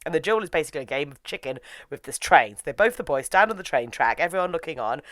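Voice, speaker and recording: A woman's voice: deep voice, animated, fast talker, a bit bright, no echo. A woman, casually retelling an anime episode in a chatty review, with lots of "like" as filler.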